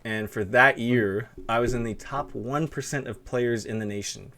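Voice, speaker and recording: A man's voice: mid-range voice, moderate pace, bright, forceful tone. A young man with a lisp hosting a stream interview, talking in a loose, rambling way full of fillers. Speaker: stream host interviewing a guest. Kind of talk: casual chat.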